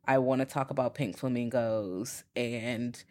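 A woman co-hosting a podcast in casual film chat, talking in a profane, lively way. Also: a bass voice, measured pace. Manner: profane, lively, acts out quotes in character. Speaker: podcast co-host.

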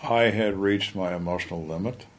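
An older man, a retired police lieutenant, telling his stories in conversation in a blunt, plainspoken way with halting restarts. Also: low voice. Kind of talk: storytelling in a conversation.

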